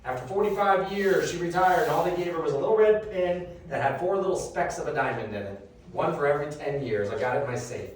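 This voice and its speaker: A man giving a reverse mortgage seminar, telling a long personal story in a casual, animated way. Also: on the high side, fast talker, hardly any pauses, a little hiss or hum. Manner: animated, conversational, swears casually. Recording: echoey room from a distant mic.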